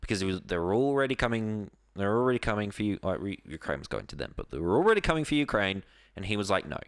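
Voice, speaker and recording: Low, lively-voiced man chatting bluntly. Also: quick pace, clean tone, no room sound, studio quality. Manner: blunt, sweary, explains at length. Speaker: podcast co-host. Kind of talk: casual chat.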